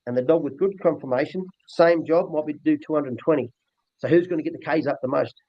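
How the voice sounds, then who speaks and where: A man's voice: a little high, fast, no room sound. An older man with an Australian accent, a dog trainer talking bluntly and rambling earthily in a casual interview. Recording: dull lo-fi dry recording.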